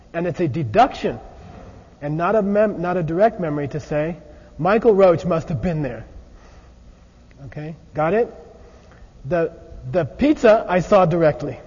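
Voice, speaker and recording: A man teaching a lively philosophy lecture, acting out examples and constantly checking in with his listeners. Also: high-pitched, slightly rough. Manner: animated, often checks in with 'okay?'. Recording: muffled recording in a large echoey hall.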